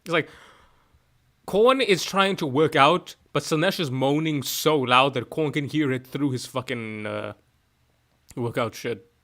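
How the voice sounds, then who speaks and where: A young man streaming from home, chatting casually, excitable and rambling, swearing often and restarting his sentences. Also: mid-range voice, a little slow. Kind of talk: casual chat.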